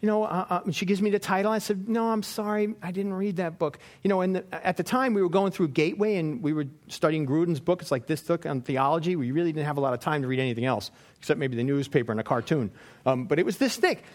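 A man's voice: a little high, fast. A man giving an informal Bible teaching in a rambling, anecdotal way, with frequent fillers. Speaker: preacher.

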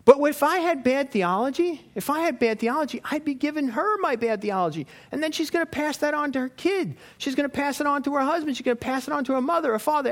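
Man, sermon, high voice, lively pitch, storytelling, repeats questions. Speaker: lay preacher.

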